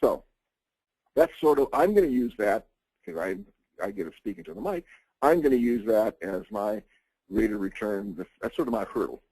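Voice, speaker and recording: A man talks through a webinar lesson in a loose, conversational way, stumbling over restarts and "you know"s. His voice is mellow and relaxed, close and dry on the mic with no room sound. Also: on the low side, normal speed, breathy edge, dry recording, rough recording. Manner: conversational, many fillers and restarts. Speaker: webinar presenter on insurance planning. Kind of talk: informal webinar lecture.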